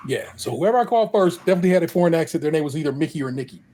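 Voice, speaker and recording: A man's voice: fairly high pitch, animated, rapid-fire, warm tone. A middle-aged man with an Ohio accent, co-hosting a podcast, telling a long story in casual chat. He laughs often and acts out what people said. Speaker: podcast co-host.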